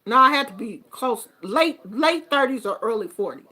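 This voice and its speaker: A middle-aged woman chatting casually to her viewers, telling animated stories and laughing through them. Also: a little high, normal speed. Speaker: YouTuber. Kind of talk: casual storytelling chat.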